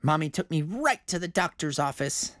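A woman reading a children's picture book aloud with lively expression. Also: low-pitched, normal speed, no room sound, clean studio sound. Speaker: storybook reader.

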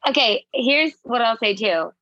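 A woman's voice: on the high side, expressive, measured pace, sharp tone, no room sound, highs cut off. A woman in casual chat, brash and profane, slipping into dramatic impressions.

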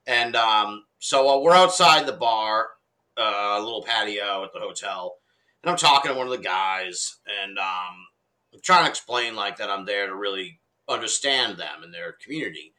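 A middle-aged man telling a story in casual conversation, animated and laughing often, with casual swearing. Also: on the low side, normal speed, low-quality recording. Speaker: podcast guest.

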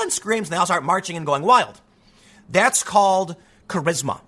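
A man's voice: a little high, a little fast. A man hosting a show and delivering an opinionated monologue, emphatic, acting out quotes in the voices of others. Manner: animated, emphatic, acts out quotes. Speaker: political commentator host.

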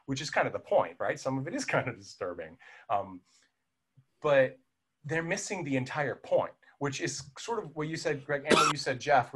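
A man's voice: medium pitch, a bit bright, slightly rough. A man in a casual podcast conversation, chatting animatedly about a film with many fillers and restarts.

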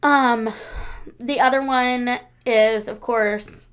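A young adult woman co-hosting a casual podcast chat, rambling with lots of fillers, dropping quiet and then getting loud. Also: fairly high pitch, steady tone, very slow, clear, resonant tone. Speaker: podcast co-host.

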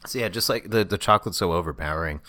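A man's voice: low-pitched, racing, pushed and bright. A man co-hosting a podcast, chatting casually in a laid-back, wry way while tasting candy. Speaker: podcast co-host. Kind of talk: casual chat.

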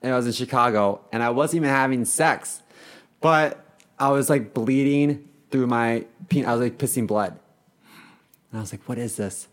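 A man's voice: medium pitch, normal speed. A young man co-hosting a podcast, telling candid, rambling stories in casual chat with lots of fillers. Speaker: podcast co-host.

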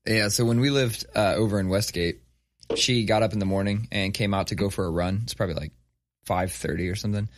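A man's voice: lowish voice, fairly quick, slight background noise. A man in his thirties telling a story in casual, profane conversation, acting out quotes as he goes. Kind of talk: casual chat.

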